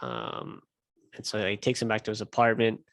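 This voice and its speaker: A man's voice: on the low side, sing-song, normal speed, creaky, a bit bright, dry recording. A young man hosting a casual podcast, telling a long story in a rambling, profane way full of fillers. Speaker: podcast host. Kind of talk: casual chat.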